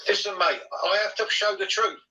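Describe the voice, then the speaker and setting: A man's voice: sits high, normal speed, sharp tone, roomy sound, distant mic, poor audio. A man on a live panel, arguing defensively and repeating himself. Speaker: panel guest. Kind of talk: heated argument.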